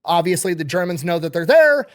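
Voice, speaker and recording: A man's voice: high-pitched, very animated, a little fast. A man telling a history story in a casual, wry, profane way.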